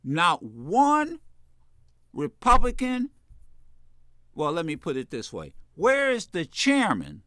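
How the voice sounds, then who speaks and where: Fiery high-voiced talk radio man. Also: no room sound, clean studio sound. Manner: preachy, repeats phrases, builds to shouting. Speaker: radio talk show host. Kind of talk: impassioned political commentary.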